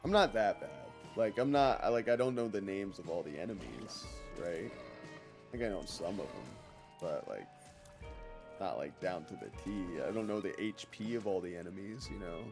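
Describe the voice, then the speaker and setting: A man's voice: sits low, lively intonation, moderate pace, creaky, music in the background. A man streaming a game, rambling and joking casually as he talks to his chat. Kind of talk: casual gameplay commentary.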